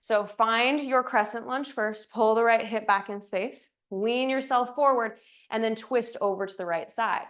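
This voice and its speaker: A woman's voice: a little high, measured pace, a bit bright. A woman teaching a yoga class, giving breath cues with playful, chatty asides, at times a little out of breath. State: slightly out of breath. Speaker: yoga instructor. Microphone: clip-on mic, sometimes moved off.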